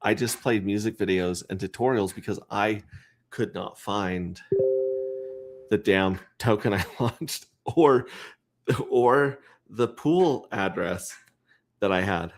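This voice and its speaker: A man with a lowish voice talks casually on a livestream. He rambles, jokes, and reads chat names aloud one after another. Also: takes it slowly. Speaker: crypto livestreamer.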